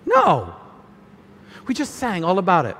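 A man preaching a sermon in a church, animated, acting out complaints in quoted voices, tearful at times. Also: sits high, unhurried, breathy edge. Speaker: pastor. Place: church hall. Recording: hall reverb.

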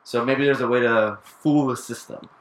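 A man hosting a casual podcast, leading the topic in a relaxed way and swearing now and then. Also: mid-range voice, normal speed, roomy sound, slight background noise. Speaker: podcast host. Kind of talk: casual chat.

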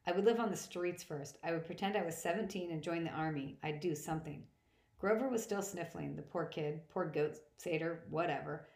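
A woman reading first-person novel narration aloud in a plain, steady manner. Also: lowish voice, brisk, vocal fry. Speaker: audiobook reader. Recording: roomy echo.

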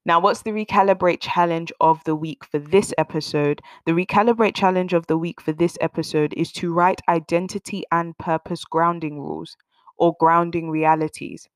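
Smooth-voiced woman hosting a faith podcast. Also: on the low side, fairly even intonation, moderate pace, dry recording. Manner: earnest, encouraging, repeats phrases for emphasis. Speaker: podcast host.

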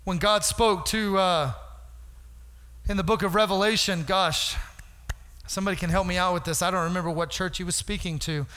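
A man preaching a lively sermon to a congregation, acting out voices from Bible stories and asking for responses. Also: high-pitched, moderate pace, clean tone. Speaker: pastor. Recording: hall reverb.

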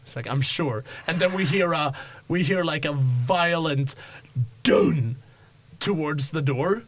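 A man's voice: a little high, moderate pace, a little hiss or hum. A young man narrating as game master of a tabletop game, rambling with many fillers and restarts. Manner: rambling, lots of likes and restarts.

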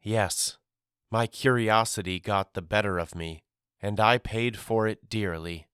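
A man reading the part of a grieving mother in an audiobook, speaking in a quiet, measured way that turns sharp when she gives orders. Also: lowish voice, smooth, no echo, studio quality. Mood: somber. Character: grieving adult mother, sorrowful and guarded.

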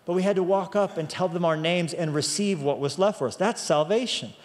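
A man's voice: sits high, brisk, in a large hall. A man preaching a sermon as pastor, emphatic, stretching out key phrases for weight.

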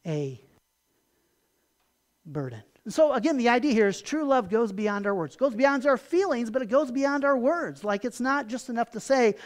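A pastor giving a sermon in a conversational way, repeating words, getting loud for emphasis and then dropping quiet. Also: male voice, extremely high pitch.

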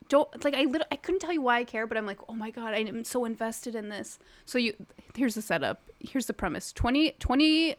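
A woman co-hosting a casual podcast chat, excitedly gushing and laughing, swearing now and then. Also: on the high side, dry recording. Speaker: podcast co-host.

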